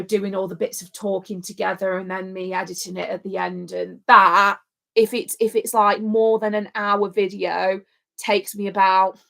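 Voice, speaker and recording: A woman's voice: mid-range voice, gravelly, fairly bright tone. A woman co-hosting a livestream in casual, rambling chat. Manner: chatty and rambling. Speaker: livestream co-host.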